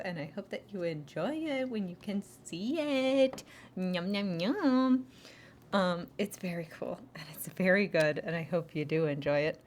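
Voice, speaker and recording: A woman's voice: on the low side, expressive, measured pace, a little hiss or hum. A young woman streaming and chatting casually, rambling with many restarts and little giggles. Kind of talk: casual chat.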